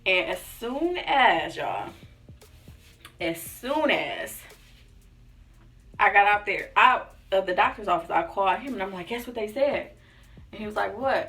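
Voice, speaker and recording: A woman's voice: medium pitch, fairly bright tone, distant mic. A young woman vlogger telling a personal story in a casual, chatty way, acting out what people said and often saying "like" and "y'all". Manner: chatty, acts out quotes, says "like" and "y'all" often. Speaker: lifestyle vlogger. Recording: voice a bit off-mic with faint music behind.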